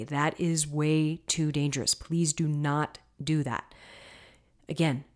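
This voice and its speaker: Lowish-voiced woman chatting casually on a podcast. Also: a little mellow. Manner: conversational, frequent fillers and asides. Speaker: podcast host and coach. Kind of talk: casual solo podcast talk.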